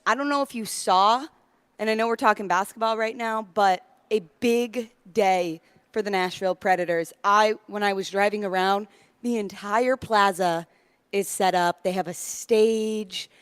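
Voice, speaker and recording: A woman co-hosts a sports radio show and tells stories in a chatty, animated way. Her voice is smooth and clear. The studio sound is dry, with no room echo. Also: mid-range voice, measured pace. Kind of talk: casual sports talk.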